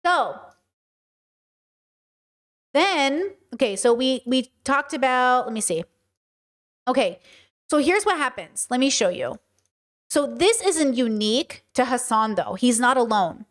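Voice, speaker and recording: A woman's voice: high voice, lively intonation, takes it slowly, long pauses. A woman streaming live commentary, talking passionately and emphatically and answering her chat.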